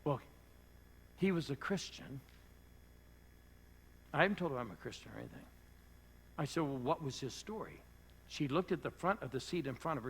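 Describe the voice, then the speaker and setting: A man preaching a sermon as pastor, telling an earnest story that sinks to hushed tones at its emotional moments. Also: on the high side, slightly rough, low-quality recording. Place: church.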